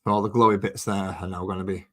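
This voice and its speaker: A man with a slightly low voice and a Manchester accent, talking in a loose, rambling way. He chats easily to his stream audience as he works through a painting session. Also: little pitch movement, very fast, fairly bright tone. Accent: Mancunian. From Manchester, England. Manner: rambling and chatty while working. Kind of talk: casual live-stream chat.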